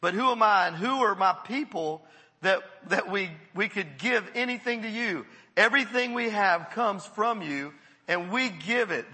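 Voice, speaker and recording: A male pastor delivers a sermon in a high, bright, forceful voice, animated as he repeats words and calls on the congregation. The long reverb of a church hall carries his voice.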